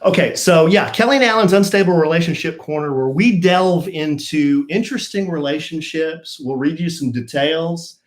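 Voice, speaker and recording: A middle-aged man co-hosting a casual live stream, teasing and dry, reading a news article with halting fillers. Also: a little high. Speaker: radio show co-host.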